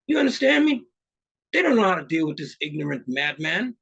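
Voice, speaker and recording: Animated husky man guest. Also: a little high, a little fast, highs cut off. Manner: animated, acts out characters mid-talk; emphatic, street-style talk. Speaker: musician guest. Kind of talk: casual interview chat.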